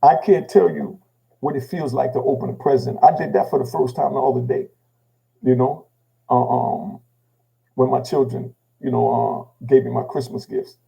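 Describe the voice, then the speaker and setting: Gravelly older man telling his story. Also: fairly even intonation, normal speed, rough recording. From Jamaica. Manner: gravelly, repeating "you know what I mean" after each thought; drops low and quiet when he quotes himself. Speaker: channel host telling his own story. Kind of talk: casual emotional storytelling.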